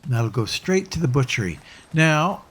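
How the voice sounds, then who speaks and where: A man's voice: a little high, big pitch swings, unhurried, a bit bright, husky. A man casually commenting as he plays a game, musing aloud with hesitant restarts. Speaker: let's play host.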